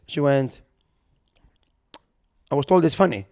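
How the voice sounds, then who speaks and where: A young man co-hosting a podcast, telling an anecdote in casual chat, animated and acting out the quotes, sometimes swearing. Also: medium pitch, a little slow. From Europe. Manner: animated storyteller who acts out quotes, swears. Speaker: podcast co-host.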